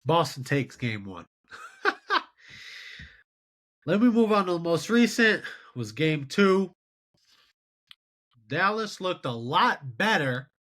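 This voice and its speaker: A young man in his twenties runs a solo sports show with high, bright energy. His pitch swings widely as he runs through scores and vents his exasperation in a lively rant. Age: 20s. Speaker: podcast host.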